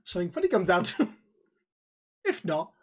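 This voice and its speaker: A man's voice: sits high, very animated, moderate pace, slightly rough. A man hosting a podcast, teasing his co-host in casual, unfiltered banter and laughing often.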